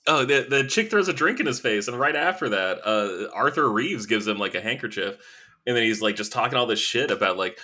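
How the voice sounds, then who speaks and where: A man hosting a casual film podcast, animated and swearing freely as he acts out quoted lines. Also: mid-range voice, a little fast. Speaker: podcast host. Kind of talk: casual chat.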